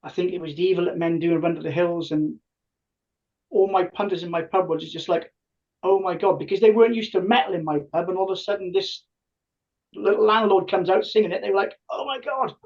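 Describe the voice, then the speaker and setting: A man's voice: sits high, quick pace, distant mic. A man in his fifties, a podcast guest who tells stories animatedly and acts out what people said. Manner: animated, acts out quoted dialogue. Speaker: podcast guest, tribute band singer. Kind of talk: casual storytelling. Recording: muffled lo-fi audio.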